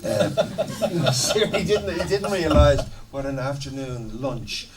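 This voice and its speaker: A middle-aged man, a musician guest in an interview, telling stories in a lively, laughing, swearing manner. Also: on the high side, slow. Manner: animated, swearing, laughing storyteller. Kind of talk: casual storytelling interview. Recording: distant mic with noticeable background noise.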